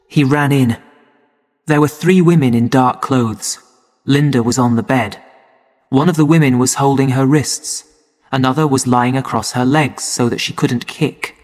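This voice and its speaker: A man narrating a story for English learners in a slow, clear and measured way. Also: mid-range voice, darkish tone. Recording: long hall reverb.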